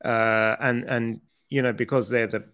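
A man's voice: medium pitch, level tone, measured pace, fairly bright tone, clean tone. A British man co-hosting a casual podcast chat, talking loosely, laughing often and repeating words as he goes. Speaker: podcast co-host.

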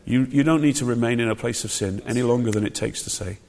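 A man's voice: medium pitch, fast, creaky, darkish tone. A man preaching a sermon, emphatic and conversational, with frequent rhetorical questions. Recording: long hall reverb.

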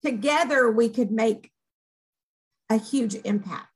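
A woman with a Southern accent, co-hosting a casual talk show and telling stories in an animated, rambling way. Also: fairly high pitch, slow pace, slightly rough, poor audio. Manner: animated, upbeat, rambling storyteller. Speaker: podcast co-host, organization co-founder. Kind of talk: casual chat.

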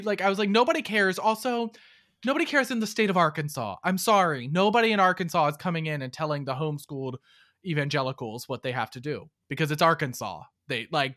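A man co-hosting a podcast, recapping a movie in casual chat, sarcastic and often mock-quoting in a flat undertone. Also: on the high side. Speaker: podcast co-host.

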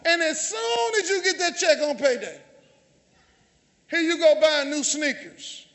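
A man's voice: very high voice, lively intonation, measured pace, a bit bright. A man with a Southern US accent preaching a sermon in a church, calling out to the congregation and teasing them. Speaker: pastor. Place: church sanctuary. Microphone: handheld or stage mic.

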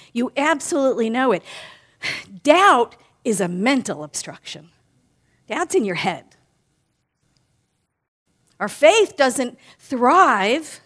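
A woman giving a sermon in a warm, conversational way, often asking "right?" and slowly repeating key lines for emphasis. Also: high voice. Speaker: minister.

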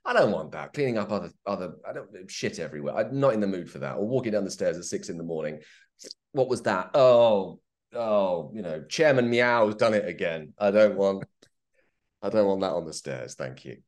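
Low-voiced playful actor, middle-aged man. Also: lively intonation. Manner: playful, self-mocking, slips into quick put-on voices. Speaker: actor guest. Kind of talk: casual interview chat.

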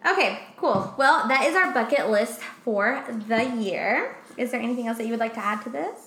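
A woman's voice: a little high, animated, moderate pace, a bit bright, reverberant. A woman co-hosting a podcast, chatting casually, swearing a lot and trailing off into fillers. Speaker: podcast co-host. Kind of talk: casual chat.

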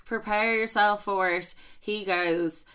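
A woman's voice: medium pitch, fairly even intonation, takes it slowly, a bit bright, clear, resonant tone. A young woman hosting a podcast, telling a story candidly and emphatically and swearing freely. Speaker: podcast host.

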